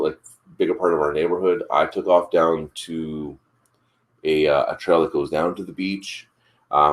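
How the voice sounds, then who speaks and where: A man with a very low voice chats casually as the host of a morning show. He tells a rambling family story and keeps circling back with "like" and restarts. His delivery is loose and conversational. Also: darkish tone. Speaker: father.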